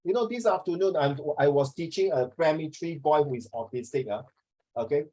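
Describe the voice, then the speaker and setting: Chatty tutor with a lilt. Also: male voice, a little high, a little fast, dark tone, rough recording. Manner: chatty, teasing, mixes in Mandarin. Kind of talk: online class teaching.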